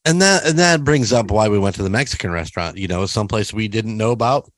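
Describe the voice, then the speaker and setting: A man's voice: on the low side, expressive, quick pace, no room sound. Laid-back male podcast host. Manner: laid-back, laughs often. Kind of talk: casual podcast chat.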